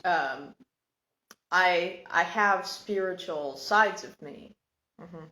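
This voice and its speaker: Halting, reflective woman in an echoey room. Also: lowish voice, sharp tone. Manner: halting, reflective, searching for words. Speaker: podcast host sharing personal story. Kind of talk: casual reflective monologue.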